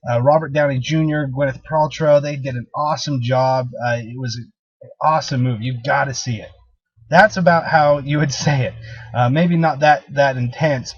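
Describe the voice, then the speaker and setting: A man's voice: medium pitch, a little mellow, husky, no room sound, muffled recording. A man giving a recorded sales training talk in an emphatic, direct coaching manner.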